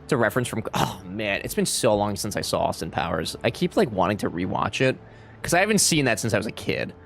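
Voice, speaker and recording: A man's voice: lowish voice, big pitch swings, fast talker, gravelly, fairly bright tone, soft background music. A young man casually commenting on a game he is playing, joking and swearing, and reading game lines in silly accents. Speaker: streamer.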